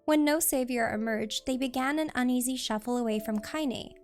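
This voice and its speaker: High-pitched female streamer, steady read-aloud narration, soft music behind. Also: normal speed. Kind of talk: reading a novel aloud on stream.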